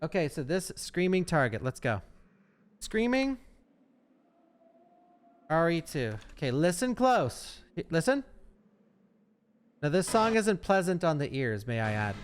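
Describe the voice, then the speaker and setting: A male streamer giving live gameplay commentary, excitable and chatty with his viewers. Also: a little high, normal speed, slight background noise. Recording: game music behind voice.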